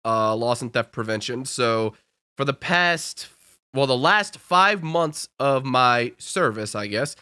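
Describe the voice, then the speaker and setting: A man's voice: medium pitch, animated, slow, pushed and bright, clear, resonant tone, dry recording, studio quality. A man hosting a podcast, chatting in a laid-back way and retelling stories with voiced quotes. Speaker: podcast host. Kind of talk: casual chat.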